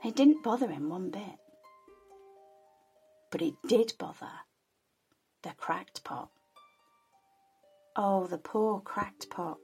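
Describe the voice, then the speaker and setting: A woman storyteller reads a folk tale very slowly, in a soft and soothing voice that sometimes drops to a whisper. Faint music plays underneath, making for a relaxing listen. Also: on the low side, vocal fry.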